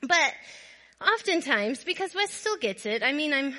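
A woman's voice: high voice, a little slow. A middle-aged woman telling a funny story to her viewers, often breaking into laughter as she goes. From Minnesota. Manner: laughs often while telling stories, animated. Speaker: storyteller vlogger. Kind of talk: casual storytelling to camera.

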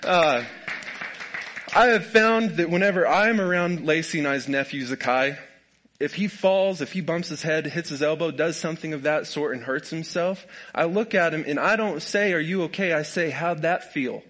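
A man's voice: a little high, normal speed, a bit bright. A young man preaching a humorous sermon, folksy and joking, often laughing at his own stories. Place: church sanctuary with a congregation.

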